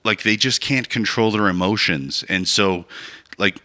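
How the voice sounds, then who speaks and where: A man's voice: lowish voice, unhurried, pushed and bright. A man co-hosting a podcast in casual chat, rambling as he reasons aloud and keeps checking with "right?". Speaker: podcast co-host.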